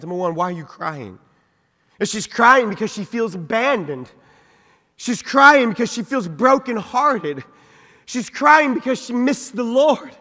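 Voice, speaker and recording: A man, a senior pastor, preaching a sermon, reading scripture in old-fashioned wording and swinging from soft asides to loud peaks. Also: very high-pitched. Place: church sanctuary. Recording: long reverb of a large church hall.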